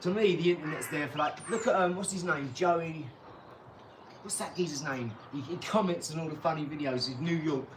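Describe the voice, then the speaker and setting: A man, talking bluntly and rambling in a casual vlog, swearing and then apologizing. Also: on the high side. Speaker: channel host. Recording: echoey room, far from mic, clear background noise.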